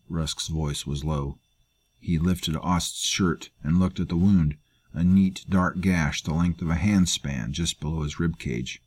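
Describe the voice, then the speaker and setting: A man narrating a grim fantasy story in a measured, grave manner. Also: low-pitched, fairly even intonation, darkish tone, slightly rough. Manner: measured, grave, performs all characters. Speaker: audiobook narrator. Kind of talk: scripted narration.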